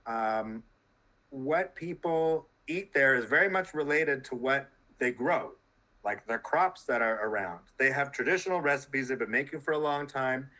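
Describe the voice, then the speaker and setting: A man talking as a guest on a conversational podcast, animated and full of quick asides. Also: mid-range voice, low-quality recording. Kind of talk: casual conversation.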